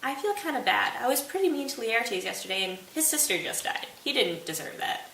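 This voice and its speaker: A hot-headed young prince who flies into outbursts, talking in breezy modern slang, as a woman puts him on. The voice sits a little high and comes from some way off the mic. The room is roomy, with a faint hiss underneath. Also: big pitch swings, a little fast, vocal fry, a bit bright, distant mic, full character voice. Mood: casual.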